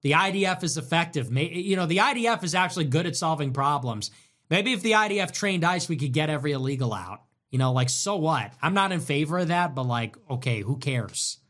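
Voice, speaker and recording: A man hosting a livestream and riffing on viewer donations. He is sarcastic and mocking, jumping from loud mimicking voices to low, dismissive mutters. His voice sits a bit higher than most men's. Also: expressive, a little fast. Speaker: livestream host reading donations. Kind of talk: casual livestream commentary.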